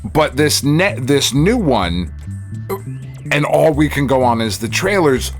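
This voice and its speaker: Slow-talking, profane ranting man. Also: mid-range voice, very animated, soft background music. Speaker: podcast co-host. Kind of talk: casual chat.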